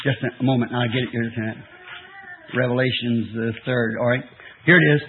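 A man in his fifties preaching a sermon, shifting between soft asides and drawn-out shouted emphasis. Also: medium pitch, fairly even intonation. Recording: tinny old phone-like recording.

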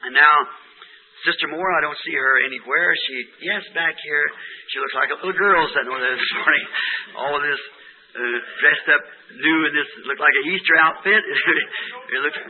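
Hoarse older man, folksy pulpit preacher, slightly high voice, thin lo-fi church tape. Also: moderate pace. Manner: homespun, chatty, asks the crowd questions. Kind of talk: informal sermon to a congregation. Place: church meeting hall. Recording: tinny lo-fi tape of a church service.

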